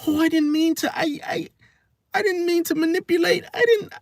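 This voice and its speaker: A man's voice: extremely high pitch, moderate pace, creaky, dry recording, studio quality, voice pushed up. A man voicing a tearful woman who stammers through a fake, sobbing apology. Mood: weepy pleading. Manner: whimpering, stammering.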